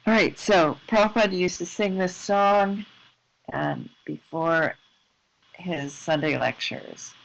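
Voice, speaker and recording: A soft-spoken host reading scripture aloud and commenting informally from home, in a slightly dull lo-fi recording. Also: mid-range voice, animated, creaky. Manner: slow, soft-spoken and unhurried, with gentle asides. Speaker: host of an online scripture class. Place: at home in the evening.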